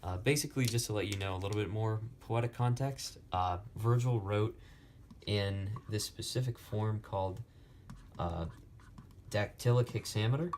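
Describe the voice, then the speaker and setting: A young man slowly explaining Latin poetic meter in a lesson, with many pauses and fillers. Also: on the low side, a little mellow, slight background noise. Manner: slow, halting, many fillers. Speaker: Latin tutor.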